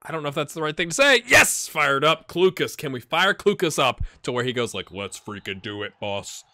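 Excitable man cheering through a gameplay session. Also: a little high, fairly quick, no echo. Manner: excitable, cheers on his players, thinks aloud. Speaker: video game channel host. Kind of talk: let's-play gaming commentary.

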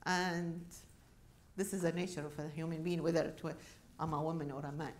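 A middle-aged woman with a Qatari Arabic accent giving a university lecture, with Arabic as her first language. She talks in a chatty, animated way and laughs often. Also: deep voice, fairly quick. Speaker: guest speaker. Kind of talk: public lecture.

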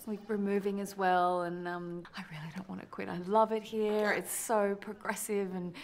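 An actress playing a young mother who awkwardly tells her boss she is quitting, talking haltingly with fillers and apologies. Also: medium pitch, level tone, slight background noise, natural voice. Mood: apologetic.

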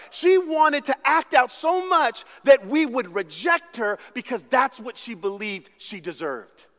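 A man preaching a sermon as pastor, telling stories with big swings from hushed to shouting. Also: very high-pitched. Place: church sanctuary. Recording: long reverb of a church hall.

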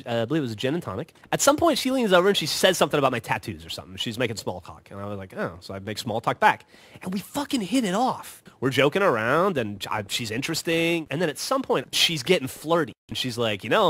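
Casual storyteller man, fairly high voice with lots of pitch swing, acts out every line. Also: dry recording. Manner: animated, swearing, acts out quoted lines. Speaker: podcast host telling stories.

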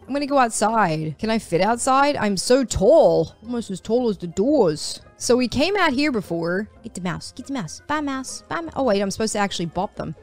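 A young woman casually commenting on her own play in an online game, chatty and playful, talking to the other players. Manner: squeaky sing-song voice when chasing players. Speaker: gaming streamer.

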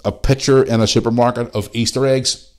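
A man's voice: medium pitch, fairly even intonation, fairly quick, darkish tone. A man hosting a casual solo podcast, chatting in a rambling way and swearing freely. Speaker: podcast host.

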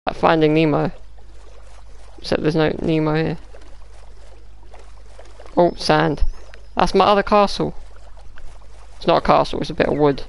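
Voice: medium pitch, fairly even intonation, a little slow, creaky, pauses often, clean tone. A gaming YouTuber, giving casual gameplay commentary, muttering to themself, swearing and throwing out mock-dramatic taunts.

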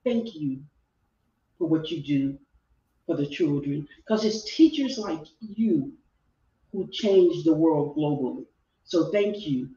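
A woman's voice: low voice, lively intonation, slow pace, long pauses, dark tone. Earnest woman on a distant call. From Texas. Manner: earnest, repeats phrases for emphasis. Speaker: guest life coach. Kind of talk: heartfelt personal storytelling. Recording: roomy, distant, dull video-call audio.

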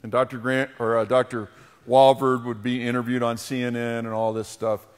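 Middle-aged male pastor, mid-pitched, preaching and praying, long hall reverb. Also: little pitch movement, moderate pace, smooth. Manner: storytelling, then leading a prayer. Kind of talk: sermon. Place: church sanctuary.

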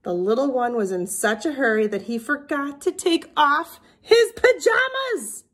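A woman teacher reads a picture book aloud to young children in an expressive storybook style. Her voice is high and her pace unhurried.

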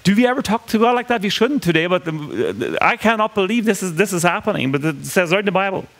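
A man's voice: sits high, very animated, fast talker, fairly bright tone. A man preaching a sermon in a conversational way, asking the congregation questions and acting out the lines he quotes.

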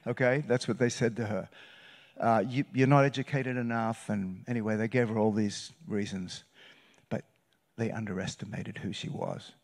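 Man, guest pastor, sermon storytelling, animated, swings from loud to hushed, church sanctuary. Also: lowish voice, moderate pace, creaky. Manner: animated, shifts between loud bursts and hushed retelling.

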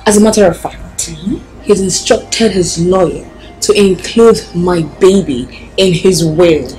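A woman's voice: fairly low pitch, unhurried, mellow, soft background music, natural voice, low-quality recording. Actress as a smug, boastful woman. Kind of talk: film drama acting.

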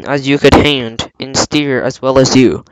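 A man's voice: medium pitch, steady tone, measured pace, dry recording, natural voice, rough recording. A man reading aloud, voicing an impatient, surly pirate coxswain who growls his lines. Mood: gruff.

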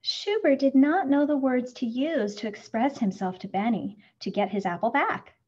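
A woman reading a children's picture book aloud, expressive and acting out the sound words. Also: high voice, normal speed, breathy edge. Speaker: storybook reader. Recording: muffled lo-fi recording.

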